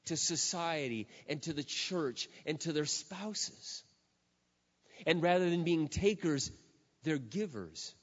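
A middle-aged man preaches a sermon from the pulpit. He leans hard on key words, then drops to a hush. His voice echoes through a large hall on a dull, lo-fi recording. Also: mid-range voice. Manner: emphatic, drawn-out stresses, shifting from loud to hushed. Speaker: pastor.

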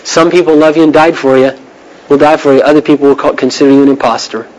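A man's voice: fairly high pitch, fairly even intonation, quick pace, a little mellow, rough recording. A man preaching a sermon in an earnest, emphatic way, asking the listeners pointed questions.

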